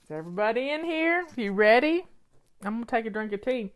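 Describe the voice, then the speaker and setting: A woman's voice: fairly high pitch, lively intonation, brisk. An older woman with a Southern American accent, hosting a casual, folksy live chat in a chatty, rambling way. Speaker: host.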